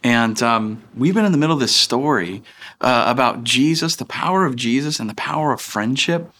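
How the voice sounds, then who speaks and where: A man's voice: mid-range voice, animated, normal speed, a bit bright. A man in his thirties preaching a sermon as pastor, in a casual, chatty way that acts out the people he quotes.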